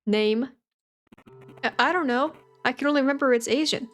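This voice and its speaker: A woman's voice: high voice, moderate pace, soft background music. A woman streamer giving playful, joking commentary while playing a game. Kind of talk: let's play commentary.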